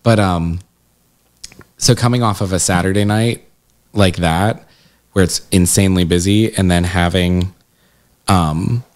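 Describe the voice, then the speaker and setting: A man's voice: a little slow, long pauses. A man who manages a haunted house, chatting casually in an interview and acting out quotes as he tells stories. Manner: animated storyteller, acts out quotes with jumps in pitch.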